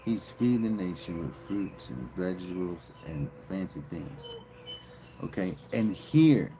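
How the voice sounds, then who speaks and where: A man streaming live, retelling a bible story as comedy in a profane, slangy, animated way. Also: low voice, slight background noise, low-quality recording.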